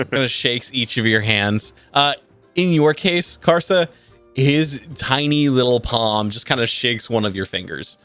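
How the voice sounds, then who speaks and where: A man running a tabletop game with a lively, swinging voice and a loose, rambling style full of fillers and casual swearing. The mic is dry and close, with soft background music playing. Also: medium pitch, a little slow, smooth, no room sound. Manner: rambling with many fillers, laughing and cursing. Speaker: game master.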